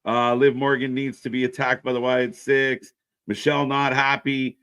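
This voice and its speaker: A man's voice: medium pitch, flat delivery, moderate pace, fairly bright tone, smooth, dry recording, lo-fi sound. A man co-hosting a wrestling live stream, in casual, profane chat that reacts to the action and answers viewers.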